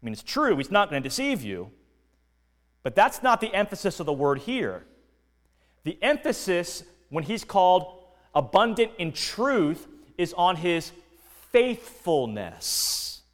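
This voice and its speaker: Slow, earnest preacher in a reverberant church. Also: male voice, sits high, big pitch swings. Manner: slow, earnest preaching that swings between quiet and emphatic. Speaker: pastor. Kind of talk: sermon. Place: church sanctuary.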